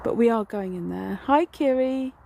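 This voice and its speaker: A woman chats her way through a graveyard in a casual vlog, rambling and filling pauses as she tells a ghost story. She talks outdoors into a handheld phone. Faint outdoor noise sits behind her voice. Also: a little high, creaky, warm tone. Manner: chatty, rambling storytelling with fillers. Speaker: paranormal vlogger.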